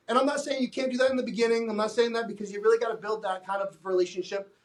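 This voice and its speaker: A man talking as a fitness coach in a casual podcast conversation. He is blunt and emphatic, swears freely, and acts out exchanges with his clients in quoted voices. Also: high voice.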